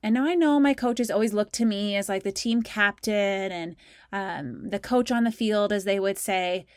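A woman telling a personal story from her school sports days, animated and conversational, acting out her own thoughts along the way. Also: mid-range voice, normal speed, no room sound, studio quality. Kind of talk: storytelling talk.

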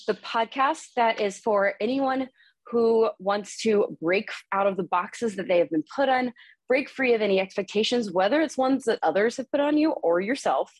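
A woman's voice: mid-range voice, moderate pace, no room sound. Breathless, candid woman podcast host. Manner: energetic, candid, swears freely. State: a little out of breath. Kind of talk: casual podcast monologue.

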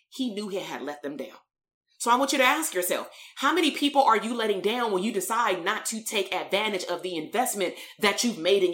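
A woman's voice: medium pitch, a bit bright. A woman coaching therapists in a live-streamed talk, telling stories in a blunt, streetwise way full of slang.

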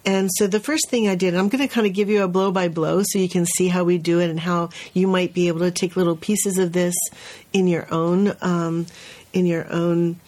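A woman's voice: fairly low pitch, normal speed. A woman who teaches at a preschool, co-hosting a podcast and telling a story in casual conversation, acting out the quoted voices and often restarting her sentences. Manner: animated, acts out the quoted voices of others; frequent restarts and "you know" fillers.

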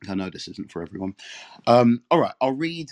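A man's voice: medium pitch, expressive, brisk, a little mellow, no room sound. A man from England with an English accent, hosting a casual live audio chat room, talking in a chatty, rambling way and reading aloud to listeners.

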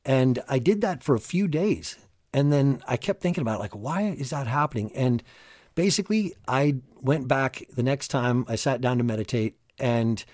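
A man's voice: medium pitch, moderate pace, no echo, clean studio sound. Emphatic male motivational podcast host. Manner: energetic, emphatic, casual coaching tone. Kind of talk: solo motivational podcast talk.

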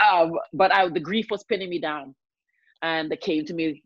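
Heartfelt, expressive middle-aged woman. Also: low-pitched, normal speed, no echo, dull audio. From Canada. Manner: heartfelt, expressive, swings between soft and loud. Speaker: podcast guest, singer. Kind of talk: emotional podcast conversation.

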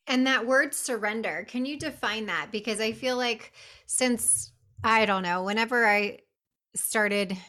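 A woman's voice: a little high, a little slow, sharp tone. A woman hosting a podcast and coaching coaches, asking curious, chatty questions in a casual interview.

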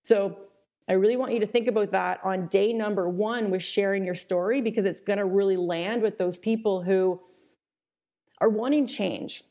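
A woman's voice: mid-range voice, fairly even intonation, moderate pace, warm tone. A woman business coach giving a webinar training in a casual, chatty way, full of fillers and the odd mild swear word.

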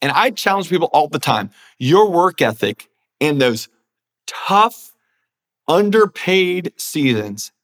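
A man's voice: a little high, big pitch swings, slow pace, a bit bright. A pastor and author, a man, talking earnestly in an interview and now and then acting out inner voices as he makes his point. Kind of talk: conversational preaching.

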